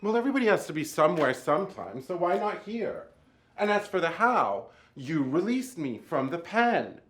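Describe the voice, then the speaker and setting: The flamboyant, sassy Djinn. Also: male voice, a little high, sing-song, a bit bright. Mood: brisk, sarcastic. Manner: theatrical, sarcastic, drawn-out emphasis. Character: flamboyant, sassy male djinn spirit freed from a pen. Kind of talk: film drama acting. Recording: roomy echo with faint music.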